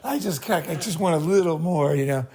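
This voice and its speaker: A man's voice: fairly high pitch, moderate pace, warm tone, slight background noise. Blunt, profane man talking to a group. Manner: blunt, profane, rambling with frequent "right?". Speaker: host leading a group meeting. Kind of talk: casual group talk, advice.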